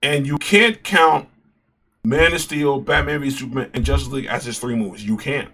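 On his YouTube commentary channel, a man talks casually and passionately about superhero movies, animated and prone to frequent restarts and repeated phrases. He speaks at a normal speed in a mid-range voice, with a little hiss or hum.

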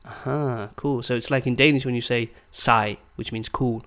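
A man hosting a podcast in casual chat, upbeat and curious, slowing down to spell things out for learners. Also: medium pitch, steady tone, fairly bright tone, clean tone. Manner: upbeat, curious, slows down for learner-friendly phrasing. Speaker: podcast host.

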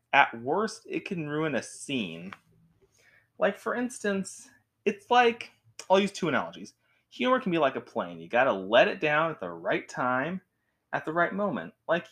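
A woman who reviews movies and TV on her vlog rambles casually to camera, chatty and joking, full of asides and self-corrections. Her voice is bass-low yet a bit bright.

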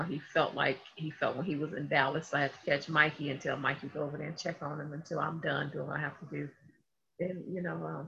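A woman hosting a casual faith talk, telling family stories in an animated way and laughing often. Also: deep voice, gravelly, a little hiss or hum. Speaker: host of a faith livestream. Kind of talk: casual devotional chat. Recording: dull lo-fi sound.

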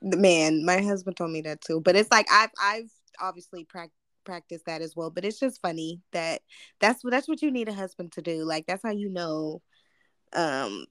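A woman's voice: fairly low pitch, fairly bright tone, no echo, studio quality. A woman talking as a podcast guest, candid and reflective, with casual swearing. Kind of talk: casual chat.

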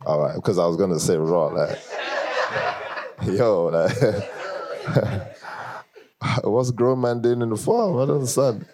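A man's voice: on the low side, a little slow, long pauses, over a noisy crowd. A man with an African accent leading a church leadership class, talking casually and teasing the congregation with lots of laughter. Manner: animated, teasing, often laughing, chats with the audience. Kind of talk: casual joking talk to a congregation.

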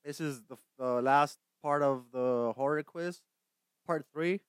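A young man hosting a casual stream, talking loudly, swearing constantly and laughing often. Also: a little high, measured pace, smooth, no room sound, studio quality. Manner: loud, swearing, laughing often, mocking voices. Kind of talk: profane casual chat.

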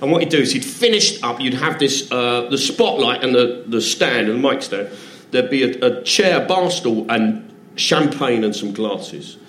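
Middle-aged male comic guest, animated storyteller, lively pitch, roomy live sound. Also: normal speed, few pauses, a little hiss or hum. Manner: animated, swearing storyteller with restarts. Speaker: comedian guest. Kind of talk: casual chat with anecdotes.

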